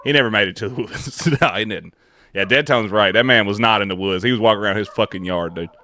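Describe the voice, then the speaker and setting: Southern guy laughing and cussing through a reaction stream, lowish pitch, bright tone. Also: fast talker, a little hiss or hum. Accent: Southern American. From American South. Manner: profane, laughing, rambling. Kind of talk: casual reaction commentary.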